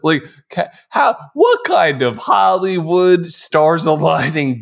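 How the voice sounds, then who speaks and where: A man's voice: a little high, slow pace, creaky, few pauses. A man co-hosting a casual movie-review podcast, ranting in an exasperated way and breaking into laughter. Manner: animated, laughing, exasperated rants. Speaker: podcast co-host.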